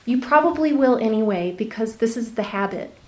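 Woman, meditation teacher, dharma talk, candid storytelling, soft whispery dips, echoey hall. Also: a little high, animated, brisk. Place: retreat center meditation hall.

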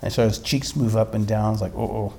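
A man, a meditation teacher, telling a story in a dharma talk with animated delivery and frequent restarts. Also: fairly low pitch, fast talker, slight background noise.

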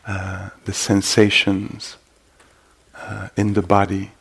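A man giving a meditation dharma talk at a retreat, halting and full of gentle fillers. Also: fairly low pitch, monotone, vocal fry, husky. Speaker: meditation teacher.

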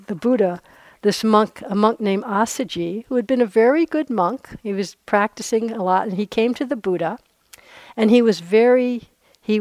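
Woman meditation teacher, mid-pitched, dry close sound, chatty and earnest dharma talk with asides. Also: a little mellow, no room sound. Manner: conversational, with frequent asides. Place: meditation retreat center.

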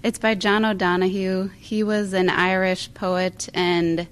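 A woman sharing in a meditation group, hesitant and apologetic, often pausing with fillers. Her voice is of middle pitch and comes through a handheld mic held a bit away from her. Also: flat delivery, smooth. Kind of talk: casual sharing in a group discussion. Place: meditation center room with group.

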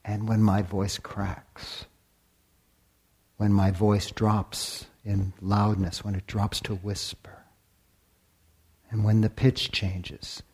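A man teaching meditation in a dharma talk. His voice is dark, mellow and a little husky, and he speaks very slowly. He leaves long pauses, sometimes sinks to a near whisper, and keeps asking his listeners rhetorical questions. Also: fairly low pitch.

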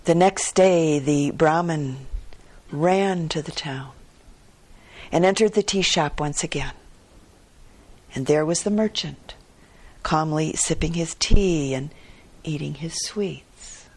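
A woman meditation teacher tells a fable in a dharma talk. Her voice is lowish and breathy, and she speaks very slowly, in a soft, hushed and measured way.

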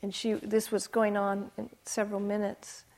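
A woman meditation teacher giving a dharma talk, speaking gently and often dropping to a soft hush as she retells a guided session. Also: medium pitch, completely flat delivery, moderate pace. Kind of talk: dharma talk with retold dialogue.

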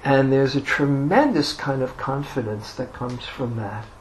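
A meditation teacher gives a dharma talk, unhurriedly sharing a personal story laced with self-deprecating humor. His voice is mid-range, and the rough recording carries a little hiss or hum.

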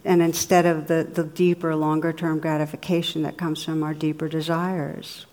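A woman's voice: sits low, little pitch movement, normal speed. A middle-aged woman, a meditation teacher, giving a dharma talk and telling funny stories with a laugh in her voice. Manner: warm storytelling, laughs at her own jokes. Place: meditation hall with audience.

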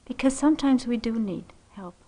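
A middle-aged woman meditation teacher telling a personal story in a dharma talk, unhurried and gentle, laughing softly often. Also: fairly high pitch, animated, husky. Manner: unhurried, gentle, frequent soft laughs and "you know".

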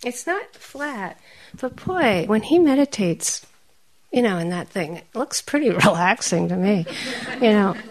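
This is a woman giving a meditation talk in a storyteller's way. She grows animated and laughs often. At times she softens to a quiet, breathy near-whisper. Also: medium pitch, measured pace. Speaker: meditation teacher. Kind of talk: dharma talk.

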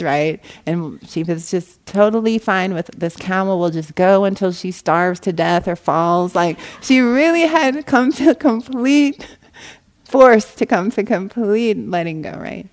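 A woman meditation teacher giving a dharma talk, telling a story with animated delivery and acting out the voices in it. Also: measured pace. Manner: animated storyteller, acts out quoted voices with rising pitch. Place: meditation hall.

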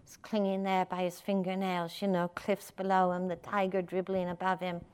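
A woman's voice: fairly low pitch, little pitch movement, moderate pace, a little mellow, clean tone. An older woman giving a dharma talk as a meditation teacher, conversational and playful with frequent fillers.

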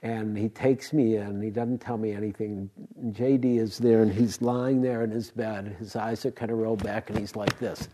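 An older man, a meditation teacher, giving a dharma talk and telling stories in a rambling way, with restarts and soft laughs. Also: lowish voice, fairly even intonation, moderate pace, a little hiss or hum.

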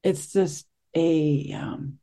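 A middle-aged woman meditation teacher, giving a reflective dharma talk with frequent pauses and restarts. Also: low voice. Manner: soft-spoken, reflective, with frequent fillers and restarts.

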